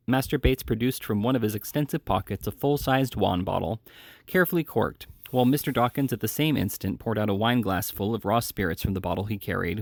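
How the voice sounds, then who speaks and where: A man reading a classic novel aloud in a measured way, with the odd slip and self-correction. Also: fairly low pitch, dry recording, clean studio sound. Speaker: reader. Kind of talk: audiobook narration.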